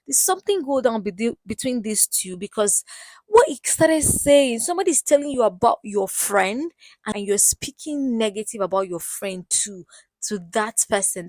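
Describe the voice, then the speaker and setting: A woman's voice: mid-range voice, no echo. Gossipy Nigerian woman recapping reality TV. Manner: gossipy and animated, voices the cast in asides. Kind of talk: casual episode recap commentary.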